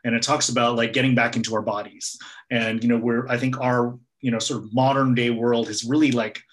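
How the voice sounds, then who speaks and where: Man, group facilitator, relaxed conversational talk, thoughtful and hesitant. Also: medium pitch, fairly quick, low-quality recording. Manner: reflective, many fillers and hedges. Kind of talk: casual conversation.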